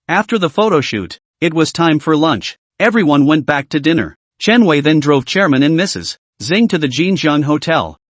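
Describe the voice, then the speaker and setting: A man narrating a comic story recap in a brisk, scripted storytelling manner. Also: a little high, no echo.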